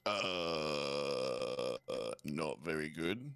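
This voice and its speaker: A man's voice: very deep voice, animated, drawn-out words, creaky, fairly bright tone, clear, resonant tone, dry recording. A man taking part in a tabletop game as a laid-back player, chatting casually. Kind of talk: casual chat.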